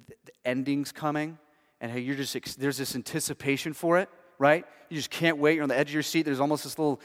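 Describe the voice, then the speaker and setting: A man delivers a sermon in a loose, conversational manner, repeating words as he restarts and tossing "right?" to the congregation. His voice sits a little high for a man, and a long hall reverb trails each phrase. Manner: conversational preaching with frequent restarts and "right?" asides. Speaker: pastor.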